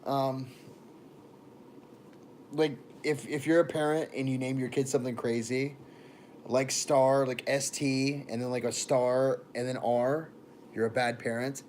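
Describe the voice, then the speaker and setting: A young man talks casually on a livestream, rambling through stories and greeting viewers by name. His pitch sits in an ordinary middle range. A faint hum stays underneath the whole recording. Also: level tone, measured pace, darkish tone. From born in Texas, raised in Florida.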